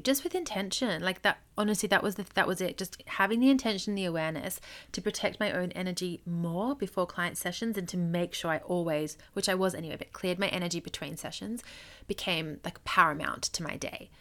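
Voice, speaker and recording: Solo podcast host, woman with a slightly low voice, earnest and conversational, gentle encouragement. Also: a little fast. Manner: earnest, loose and conversational with frequent "like".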